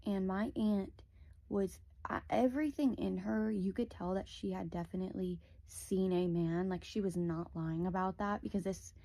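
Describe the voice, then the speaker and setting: A woman's voice: lowish voice, fairly even intonation, normal speed, vocal fry, hardly any pauses, dark tone, no echo. A young woman telling a personal story in a casual, rambling way, full of "like" fillers, close to a phone mic.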